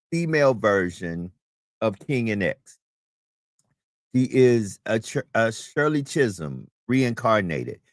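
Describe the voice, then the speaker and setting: A man hosting a live talk show, speaking in a preachy, emphatic way that climbs toward shouting. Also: medium pitch, dry recording, studio quality. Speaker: host.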